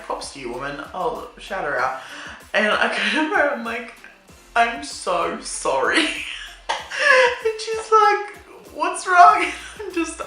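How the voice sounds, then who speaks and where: Bright woman in an echoey room. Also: medium pitch. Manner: laughs through lines, swears, heavy use of "like". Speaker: vlogger. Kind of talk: casual storytime monologue. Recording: echoey room with faint music.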